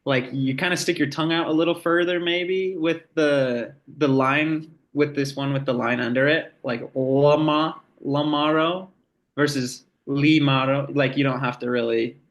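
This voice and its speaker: A man's voice: mid-range voice, fairly even intonation, moderate pace, hardly any pauses. A man in a casual language lesson chat, easygoing and explaining sounds with simple examples.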